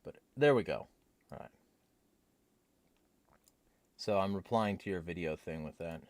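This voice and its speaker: A man's voice: deep voice, a little slow, darkish tone, no room sound. A young man hosting a livestream, reading chat comments and answering them in a rambling, wry way.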